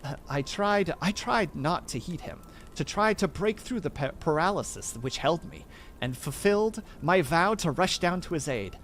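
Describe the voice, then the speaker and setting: A man's voice: fairly high pitch, lively intonation, moderate pace, a bit bright, slight background noise. A man reading a horror story aloud, often stumbling over words and starting them again.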